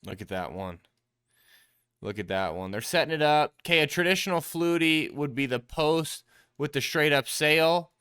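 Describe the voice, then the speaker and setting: Bright, crisp-voiced man coaching through game film. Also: on the high side, expressive, normal speed. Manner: coach-like, explains step by step, addresses viewers as team. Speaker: quarterback trainer and show host. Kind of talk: casual football film breakdown commentary.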